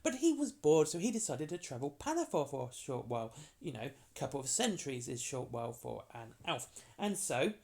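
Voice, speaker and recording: Casual lore rambling, jokey asides, swooping pitch. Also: big pitch swings, gravelly, a little mellow. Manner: chatty and jokey, acts out characters in quick asides. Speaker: tabletop game lore explainer.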